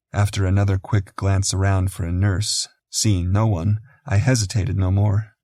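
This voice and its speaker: Low gravelly male audiobook narrator. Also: little pitch movement, normal speed, hardly any pauses, darkish tone, no echo, clean studio sound. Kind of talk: first-person audiobook narration.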